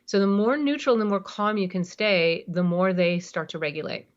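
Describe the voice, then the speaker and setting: A woman's voice: medium pitch, moderate pace, dull audio. A woman being interviewed as a parenting expert on a podcast, explaining emphatically and acting out examples.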